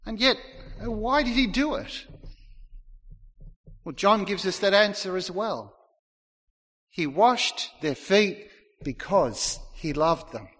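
Male pastor, high bright voice, earnest sermon delivery, big hall echo. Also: animated, slow pace, long pauses. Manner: earnest preaching, acts out quoted lines. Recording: long hall reverb.

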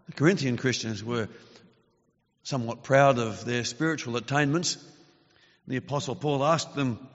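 A man preaching a sermon in an earnest, measured way, his voice growing forceful when he reads scripture. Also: mid-range voice. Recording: dull lo-fi sound with long reverb.

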